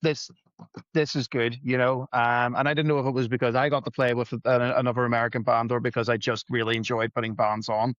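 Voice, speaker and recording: A man's voice: medium pitch, level tone, brisk, fairly bright tone, no room sound. Rambling man, dry and dull. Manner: rambling, self-deprecating, acts out quoted dialogue. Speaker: podcast guest, musician and gig promoter. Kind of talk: casual storytelling. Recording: dull, dry podcast recording.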